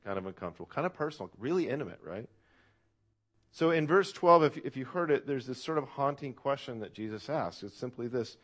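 A man's voice: fairly low pitch, brisk. A man preaching a sermon to a church congregation in an earnest, reflective way. He often asks the listeners questions and uses "uh" fillers. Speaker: pastor.

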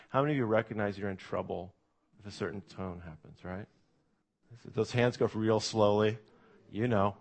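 American pastor preaching a lively sermon. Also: male voice, medium pitch. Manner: conversational, lively, speaks to the kids. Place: church.

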